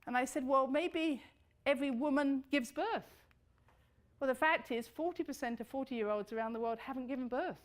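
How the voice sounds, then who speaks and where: A middle-aged woman giving a lively talk to an audience, swooping high for emphasis and dropping low and soft. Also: normal speed.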